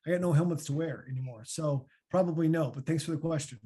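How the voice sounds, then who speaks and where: A man in his thirties with a Midwestern American accent, answering podcast questions as a former linebacker in a chatty, animated way. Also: fairly high pitch, fast talker, husky. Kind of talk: casual podcast Q&A.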